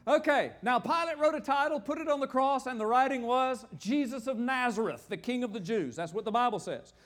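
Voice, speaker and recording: An older man preaching a sermon, animated and joking, often asking the audience questions. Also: very high-pitched, a little fast. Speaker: pastor. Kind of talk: sermon teaching with slides.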